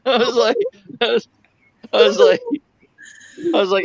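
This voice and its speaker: A man's voice: moderate pace, no echo, muffled recording. A man telling a story in a casual chat, acting out the voices in the story and swearing freely. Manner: animated, acts out quoted lines with big pitch jumps, swears.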